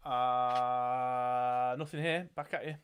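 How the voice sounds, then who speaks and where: British man, mid-pitched voice, casual game banter, thinks out loud, counts dice. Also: animated, moderate pace. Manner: chatty, thinks aloud while reading cards and counting dice. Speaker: game show co-host. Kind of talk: casual live game commentary.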